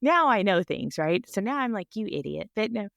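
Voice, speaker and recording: A woman telling a personal story with animated energy, acting out other people's voices and laughing often. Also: mid-range voice, normal speed, creaky, no room sound. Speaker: guest.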